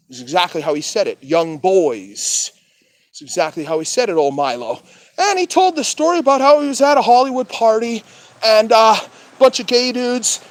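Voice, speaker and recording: A man's voice: high voice, dry recording. A man vlogging in a casual rant, crude and full of swearing, with laughs between remarks. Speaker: street vlogger.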